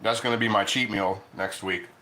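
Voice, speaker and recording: A middle-aged man with a bright, forward tone chats loosely through a home-cooking livestream. He rambles, restarts sentences and talks between bites of food. His delivery is easy and unscripted. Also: lowish voice, fairly even intonation, normal speed. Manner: rambling, chatty, restarts often; eating and talking with mouth full. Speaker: cooking show host. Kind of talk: casual livestream chat.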